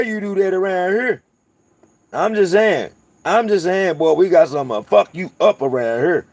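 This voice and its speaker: Here a high-pitched man from North Carolina speaks at normal speed in a dry recording. With his Southern accent, he hosts a laid-back livestream on his channel, cursing casually and wandering from story to story.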